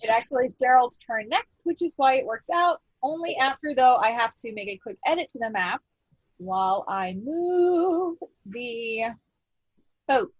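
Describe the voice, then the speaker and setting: A woman running a tabletop game as game master, relaxed and thinking aloud with lots of fillers. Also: fairly high pitch, unhurried, no room sound, highs cut off.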